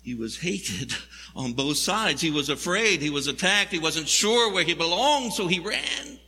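A man's voice: on the high side, animated, unhurried, bright, forceful tone, long reverb tail, slight background noise. A male pastor preaching a sermon, telling the story in a conversational, wry way with jokes.

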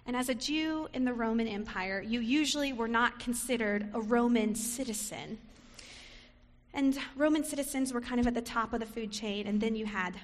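A woman preacher giving a reflective sermon, sometimes acting out short quoted lines. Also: fairly high pitch. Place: church sanctuary. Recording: long reverb of a sanctuary.

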